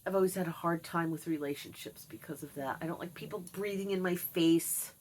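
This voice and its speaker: Husky, low-voiced woman confiding. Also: brisk, a little mellow. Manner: reflective, confiding, with fillers. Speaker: vlogger. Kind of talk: candid personal monologue.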